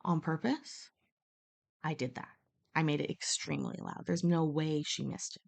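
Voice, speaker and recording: A woman's voice: low-pitched, moderate pace, gravelly, a little mellow. A woman live streaming from a hotel room, telling stories in a blunt, profane, casual chat.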